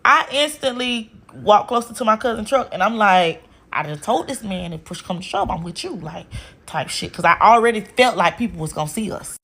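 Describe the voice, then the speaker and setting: A woman's voice: medium pitch, expressive, fairly quick, a bit bright, slightly rough. A woman casually telling a relationship story, blunt and profane, with an exasperated edge.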